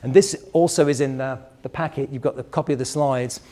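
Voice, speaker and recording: A middle-aged man coaches business owners at a live workshop, in a voice of ordinary middle pitch. His delivery is conversational and wanders off on digressions. He talks straight to the people in the room. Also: fairly even intonation, brisk, dark tone.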